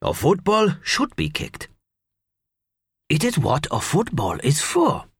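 A man reading an audiobook, voicing a middle-aged German man who speaks English with a German accent, halting and quiet with emotion. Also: fairly high pitch, huge pitch swings, vocal fry, slightly rough, no room sound, studio quality, full character voice. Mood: wistful. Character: older German man, wistful, soft-spoken.

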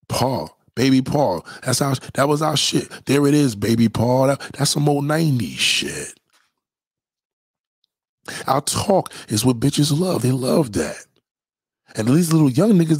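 Middle-aged New York man, husky and dry, swinging pitch, profane slang-heavy monologue. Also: no echo. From New York City. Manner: profane, animated, heavy slang, repeats himself. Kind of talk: casual street-talk monologue.

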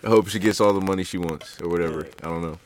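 A man's voice: sits low, steady tone, fast. A man co-hosting a podcast, talking hesitantly and laughing nervously. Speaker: podcast co-host. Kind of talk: casual chat.

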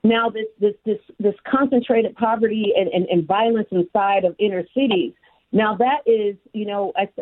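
Sex: woman. From: south side of Chicago. Role: podcast guest. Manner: lively storyteller who acts out others' voices. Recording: tinny, phone-like line, dry with no room sound. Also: mid-range voice, moderate pace, no echo. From south side of Chicago, USA. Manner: animated, acts out the voices of people in her stories. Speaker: guest, human resources executive. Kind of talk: personal storytelling in an interview. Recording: phone-like narrow band, dry.

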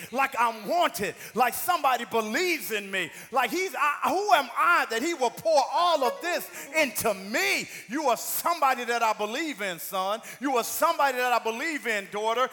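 Pastor, male, very high and bright voice, impassioned sermon delivery, echoing church hall with faint music. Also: lively intonation, normal speed, hardly any pauses. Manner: rising to loud call-and-response preaching.

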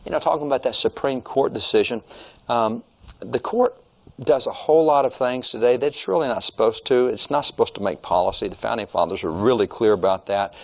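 Middle-aged male speaker, emphatic lecture tone, reads from old books. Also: medium pitch. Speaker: Christian history speaker. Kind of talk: informal lecture. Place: room with shelves of old textbooks.

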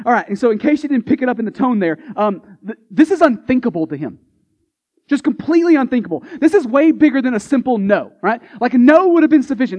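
A male pastor preaches in a chatty, emphatic way and keeps firing rhetorical questions at his listeners. His voice sits high for a man. The recording sounds muffled and lo-fi. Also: very animated, a little fast, darkish tone. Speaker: Baptist pastor. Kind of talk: sermon.

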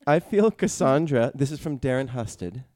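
A man's voice: medium pitch, expressive, moderate pace, a little mellow, no echo. A man co-hosting a comedy podcast and reading listener mail, wry with fumbling asides. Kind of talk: casual comedic banter.

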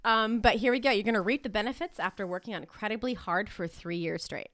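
A young adult woman co-hosting a casual chat, talking in a relaxed, rambling way. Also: medium pitch, fast talker, dry recording, clean studio sound. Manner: relaxed, rambling, with fillers and restarts. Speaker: podcast co-host reading horoscopes.

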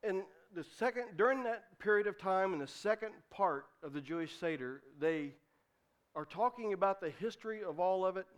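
High-voiced male pastor preaching. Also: expressive, normal speed, clear, resonant tone. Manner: conversational with many restarts, rising to fervent shouted refrains. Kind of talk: sermon.

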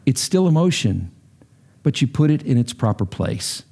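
A man's voice: medium pitch, sing-song, normal speed, vocal fry, warm tone, breathy edge. A middle-aged man preaching a sermon as a pastor, earnest and emphatic, his delivery rising sharply when stirred.

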